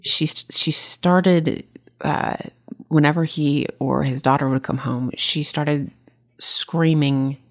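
A grieving woman with a low voice and a gravelly edge talks openly in a relaxed conversation. She tells her stories candidly and warmly. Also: slow. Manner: candid, warm storytelling with laughs. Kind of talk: casual conversation.

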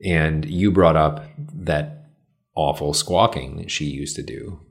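An easygoing man with a very deep voice chats and reflects in a casual conversation. He tells his stories in a thoughtful way. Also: slow.

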